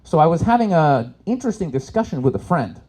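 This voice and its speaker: A man doing a live stand-up comedy set on an event stage, swearing freely and swinging between loud punchlines and low asides. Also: big pitch swings, fast talker.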